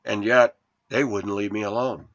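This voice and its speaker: A man's voice: on the low side, steady tone, normal speed, a bit bright. A man telling a long personal story in a rambling, aggrieved monologue, his voice rising when he replays arguments. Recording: lo-fi dull sound.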